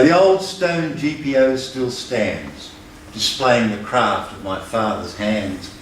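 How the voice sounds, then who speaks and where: An older Australian man recites rhythmic verse at a folk club, landing low and firm on each refrain. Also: a little hiss or hum. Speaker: folk performer. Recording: roomy, distant live recording.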